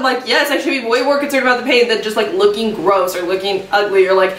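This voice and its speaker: A woman's voice: on the high side, fairly even intonation, quick pace, hardly any pauses, echoey room, recorded from a distance. A woman in her twenties telling a casual storytime as a vlogger, rambling and self-mocking with lots of fillers. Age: 20s.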